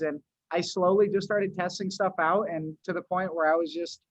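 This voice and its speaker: A man's voice: high voice, little pitch movement, normal speed, no room sound. A man from New England talking casually as a podcast guest, loose and slangy, calling people "dude" and restarting sentences. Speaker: podcast guest, agency owner. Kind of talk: casual interview chat. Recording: dull, dry lo-fi audio.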